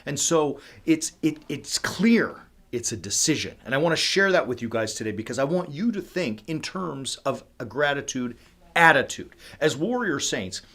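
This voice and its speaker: A man leading a casual devotional livestream talk, animated and conversational, full of fillers, swinging between loud emphasis and soft, quiet moments. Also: a little high, normal speed. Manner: animated and conversational, with many fillers like "like" and "you know". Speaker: ministry leader.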